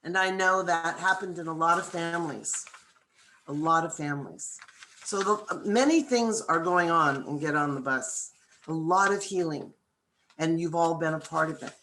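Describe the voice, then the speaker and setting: A woman hosting a virtual event, telling a heartfelt story in an earnest, unhurried way before introducing a guest. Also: deep voice, pushed and bright, a little hiss or hum. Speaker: program organizer hosting the event.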